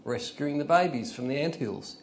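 A man's voice: on the high side, moderate pace. An older man preaching an informal, conversational sermon, telling stories and rising into emphatic bursts. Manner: conversational, storytelling, chuckles, rises to emphatic bursts.

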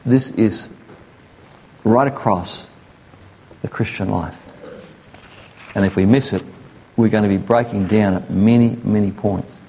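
A man's voice: on the low side, a little slow, gravelly, long pauses, mellow, a little hiss or hum. A man preaching a sermon in an earnest, conversational way, sometimes acting out the voices of people he quotes. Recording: echoey hall.

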